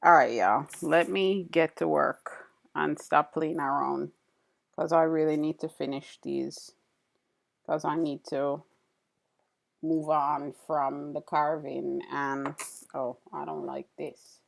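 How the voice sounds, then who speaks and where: A chatty woman hosts a relaxed live stream, greeting viewers between tasks. Her voice sits low with a gravelly edge, and she talks at an unhurried, slow pace. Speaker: livestream host. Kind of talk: casual live-stream chat while carving.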